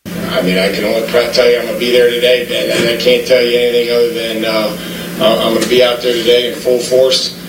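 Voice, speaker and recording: A football coach answers reporters hesitantly, stopping often for fillers. The sound is roomy and comes from a distance, with clear background noise. His voice sits at an ordinary pitch. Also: flat delivery, fairly quick. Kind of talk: press conference answer. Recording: roomy, distant press room audio.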